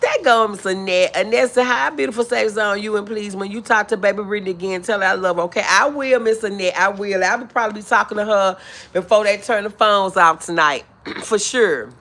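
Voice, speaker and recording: A woman hosting a live stream, chatting casually with viewers as she reads their comments aloud. She answers with affectionate, drawn-out greetings and calls people honey and boo. Now and then she clears her throat. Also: mid-range voice, a bit bright. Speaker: livestream host.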